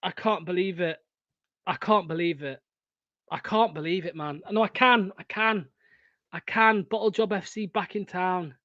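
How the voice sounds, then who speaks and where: A young man hosting a live football watchalong, swearing often and swinging from excited shouting to deflated muttering. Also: sits high, moderate pace, no room sound, lo-fi sound. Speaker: fan watchalong host.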